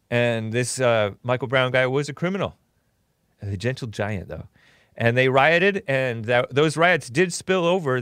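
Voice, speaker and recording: A man's voice: medium pitch, fairly bright tone, dry recording, studio quality. A man hosting a political call-in talk show, blunt and opinionated, rambling with sarcastic asides.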